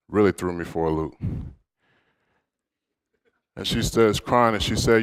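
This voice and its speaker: A man with a low, smooth, resonant voice speaks to an audience from a stage. He tells personal stories in a candid, conversational way and works in humor as he goes. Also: unhurried, long pauses. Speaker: motivational speaker. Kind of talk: inspirational storytelling speech.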